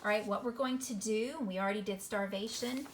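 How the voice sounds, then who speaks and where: A woman teaching a phonics lesson to children, encouraging and sounding words out slowly syllable by syllable. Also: mid-range voice, a little hiss or hum. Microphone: recorded video lesson.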